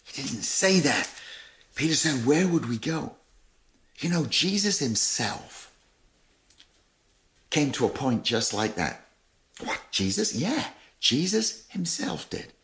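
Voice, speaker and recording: A man preaching a sermon as pastor, reading scripture aloud with emphasis and retelling it in lively everyday words. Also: mid-range voice, gravelly.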